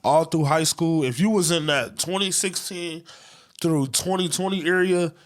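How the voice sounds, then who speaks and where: A man's voice: on the high side, moderate pace. Easygoing young man, slangy hype-man talk. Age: 20s. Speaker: YouTuber guest. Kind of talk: casual chat.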